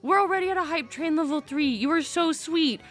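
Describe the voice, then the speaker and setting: Bubbly high-voiced woman streamer. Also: brisk, fairly bright tone, faint music behind. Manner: bubbly, gushing and a bit scattered. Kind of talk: casual live-stream chat.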